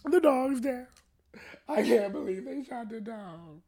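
A man's voice: slow pace, exaggerated voice. A man voicing his nosy older mother, who shrieks in panic from far off while watching something outside. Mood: shocked. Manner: shrill, yelling from far off.

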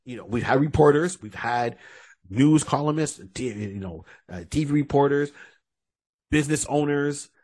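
A man co-hosting a podcast, telling stories in an animated, joking way with frequent restarts. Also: medium pitch, normal speed, breathy edge. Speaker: podcast co-host. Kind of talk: casual podcast chat.

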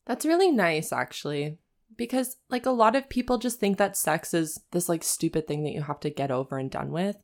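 A woman's voice: lowish voice, expressive, fairly quick, a little mellow. A woman co-hosting a casual chat, blunt and giggly, reacting freely to her friend. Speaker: podcast co-host.

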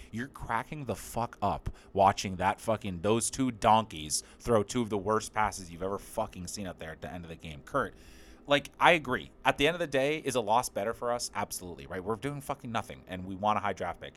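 A man's voice: medium pitch, a bit bright. A man co-hosting a sports podcast, ranting angrily with heavy profanity. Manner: angry, heavily profane ranting. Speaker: podcast co-host. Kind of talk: casual sports podcast rant.

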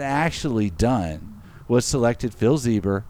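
A man's voice: lowish voice, a little fast. A middle-aged man in casual chat, telling a story with lots of laughs and acted-out quotes. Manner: animated, laughs often, acts out quotes.

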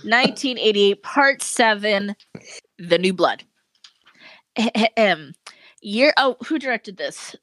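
A woman's voice: medium pitch, slow pace, pauses often, no room sound. A woman co-hosting a horror film podcast, talking casually with a teasing manner and frequent swearing. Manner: teasing, animated, swears freely. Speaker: podcast co-host. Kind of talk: casual chat.

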